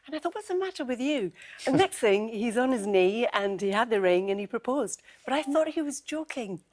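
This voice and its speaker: A middle-aged woman, a guest author on a studio chat show, talking in a lively storytelling way and acting out the quotes she tells. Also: a little high, fairly quick. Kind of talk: chatty studio interview.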